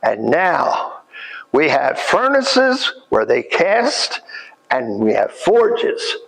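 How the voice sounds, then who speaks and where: Lively high-voiced man telling history. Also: very slow, vocal fry, low-quality recording. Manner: folksy, animated storyteller. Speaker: living history interpreter. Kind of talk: storytelling history lesson. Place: historic forge site.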